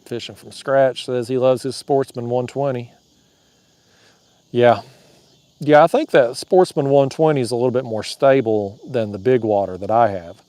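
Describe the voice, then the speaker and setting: A man's voice: medium pitch, moderate pace, warm tone, no room sound. A man hosting a fishing livestream from a kayak, chatting through viewer comments in a drawling, joking way and laughing at his own jokes. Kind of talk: casual livestream chat reading comments. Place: outdoors on a kayak on a river at night.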